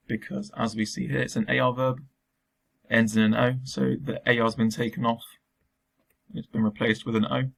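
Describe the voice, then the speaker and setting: A man's voice: lowish voice, vocal fry. A man teaching a recorded remote lesson, explaining patiently step by step with frequent ums.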